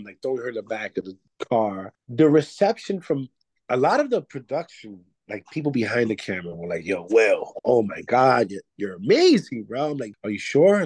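A man's voice: medium pitch, a little mellow, dry recording. A man from Puerto Rico, an actor and comedian, chatting loosely in an interview, full of restarts and "you know.". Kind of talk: casual interview chat.

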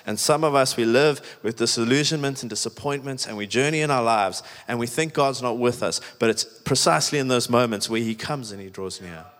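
A man's voice: mid-range voice, brisk, few pauses, a bit bright. A man preaching a sermon in a chatty, emphatic way, with many "like"s. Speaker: pastor. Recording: echoey hall with long reverb.

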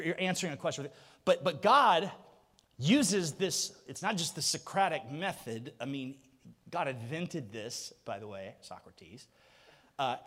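Man preaching, high voice, lively swinging pitch, booming rhetorical questions, long hall reverb. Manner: animated preaching with rhetorical questions and swells to a shout. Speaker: pastor. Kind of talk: sermon.

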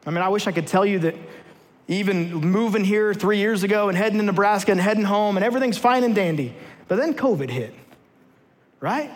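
High-voiced pastor preaching in a reverberant hall. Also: male voice, a little fast. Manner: storytelling, then repeated rallying calls. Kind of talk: sermon. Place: church sanctuary.

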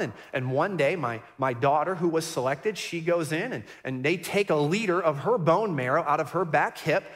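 A man's voice: fairly high pitch, fairly bright tone, in a large hall. A middle-aged man, a pastor, preaching a sermon and telling a personal story in an earnest, reflective way, often repeating and restarting his words. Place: church sanctuary.

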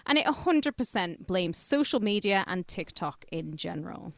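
A woman's voice: fairly low pitch, big pitch swings, creaky, fairly bright tone, dry recording, clean studio sound. A woman from Carlisle with a Cumbrian accent, co-hosting a comedy podcast in a teasing, giggly way. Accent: Cumbrian English. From Carlisle, England. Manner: giggly, teasing, quick to laugh. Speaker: podcast co-host. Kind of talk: casual comedic chat.

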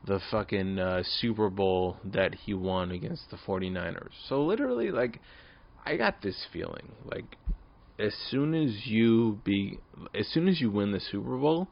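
Drunk gravelly young man rambling. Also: fairly low pitch, lively intonation, moderate pace. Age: 20s. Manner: rambling, profane, repeats himself. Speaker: podcast host. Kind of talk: casual solo podcast rant. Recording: dull lo-fi recording.

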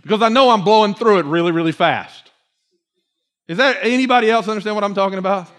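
A male pastor preaching a fervent sermon to his congregation in church, repeating phrases and building to near-shouts. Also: high voice, fast talker.

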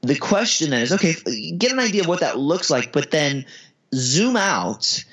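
A man's voice: a little high, big pitch swings, moderate pace, fairly bright tone. A male podcast guest telling a reflective story in casual conversation. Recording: dull lo-fi audio.

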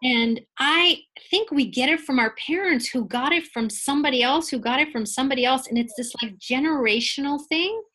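Woman in her forties, fairly high voice, playful and animated, interview guest. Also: fairly quick, hardly any pauses. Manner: animated, laughs often, playful teaching tone. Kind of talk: conversational interview.

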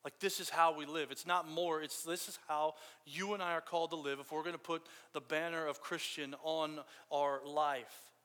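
A man's voice: on the high side, steady tone, moderate pace, few pauses, fairly bright tone. A man preaching a sermon in a casual, storytelling way. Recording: long hall reverb.

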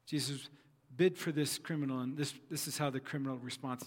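A man's voice: mid-range voice, fairly even intonation, a little fast, big-room sound. A man preaching a sermon who acts out quoted speech and repeats his phrases for emphasis. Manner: voices quoted figures dramatically, repeats phrases.

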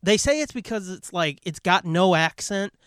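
Hyper foul-mouthed man, smooth voice. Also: sits high, lively intonation, fairly bright tone, dry recording, studio quality. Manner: hyper, fast-talking, swears constantly. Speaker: podcast co-host. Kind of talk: casual chat.

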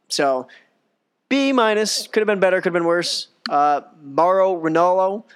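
A man's voice: a little high, smooth. A man hosting a solo wrestling podcast, joking at his own expense and rambling in a casual, self-mocking way. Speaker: podcast host.

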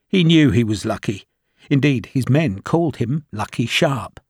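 Audiobook narrator, male, husky mid-pitched read, measured delivery, dry studio sound. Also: no room sound. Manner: measured, even storytelling.

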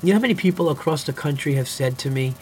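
A man's voice: fairly high pitch, fast, darkish tone, slight background noise. A young man hosting his own podcast, talking alone in a goofy, rambling way and swearing freely. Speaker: comedian podcast host. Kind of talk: casual solo podcast monologue.

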